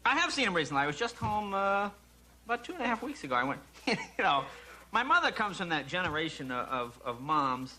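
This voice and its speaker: Animated man telling comic stories. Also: high voice, fairly quick. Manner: animated, jumps into mocking voices of family and strangers. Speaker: comedian guest. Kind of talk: stand-up storytelling on a talk show. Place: television studio with audience. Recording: noisy 1980s broadcast recording.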